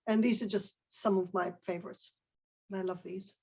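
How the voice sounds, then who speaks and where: A husky, slightly breathy woman speaking into a computer mic on a video call. She is middle-aged and presents to teachers in a relaxed, conversational way. She throws questions to her audience. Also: mid-range voice, moderate pace. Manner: conversational, with many fillers and restarts, asks the audience questions. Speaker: teacher trainer giving a webinar talk.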